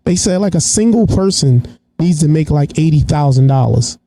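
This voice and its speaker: A man, co-hosting a casual podcast and reasoning his points out loud. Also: on the high side, lively intonation, moderate pace, dry recording. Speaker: podcast co-host.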